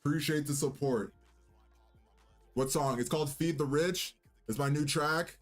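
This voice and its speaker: A man's voice: fairly high pitch, measured pace, faint music behind. Cocky young man rambling on a livestream. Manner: loose, rambling, cocky banter with restarts. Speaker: livestream host and musician. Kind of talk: casual livestream chat.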